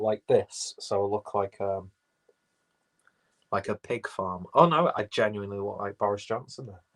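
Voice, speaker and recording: Rough audio captures a fairly low-pitched, slightly bright male voice with an English accent. As host of a casual livestream he reads out viewers' comments, wandering off topic and cursing freely.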